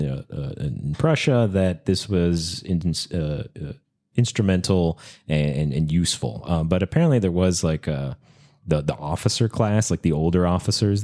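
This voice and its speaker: Deep-voiced man rambling through a story. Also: moderate pace, mellow. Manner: rambling storyteller, many fillers and restarts. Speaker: podcast co-host. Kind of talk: casual podcast chat.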